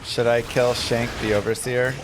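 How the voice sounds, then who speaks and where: A man's voice: mid-range voice, flat delivery, moderate pace, background noise. A man live-streaming a game, talking in a dry, teasing way with some stammering. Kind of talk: casual live-stream chat.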